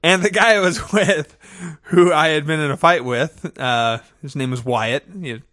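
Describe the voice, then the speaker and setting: Bright, animated man chatting on a podcast. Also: on the high side, unhurried, no echo, clean studio sound. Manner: animated, acts out characters' lines with laughs. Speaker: podcast co-host. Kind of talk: casual chat recapping a TV episode.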